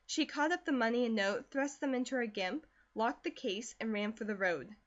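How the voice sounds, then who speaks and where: Audiobook narrator: a woman with a somewhat high voice, measured and steady, recorded dull and lo-fi. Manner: measured storytelling. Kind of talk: scripted narration.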